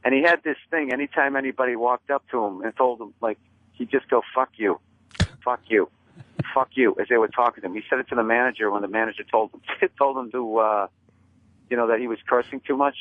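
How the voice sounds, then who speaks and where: A man telling stories in a casual chat, deadpan and self-mocking, calling in as a comedian guest. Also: medium pitch, fast, slight background noise. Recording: dry tinny phone line.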